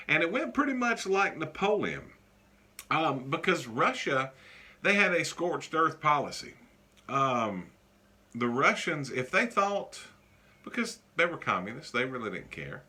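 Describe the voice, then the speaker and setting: A male teacher giving a casual classroom lecture, joking often and pausing on many fillers. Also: a little high, very animated, bright, forceful tone.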